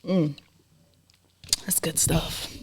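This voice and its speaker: A woman's voice: deep voice, drawn-out words, breathy edge. Candid laughing woman podcast co-host. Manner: candid, animated, laughs often. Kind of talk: casual chat.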